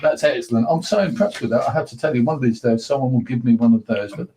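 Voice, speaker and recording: A man chats with a local radio host and asks him about his past. He teases him with dry humour, in a mellow, warm voice. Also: mid-range voice, fast talker, poor audio. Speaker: guest host, interviewer. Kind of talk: casual radio chat.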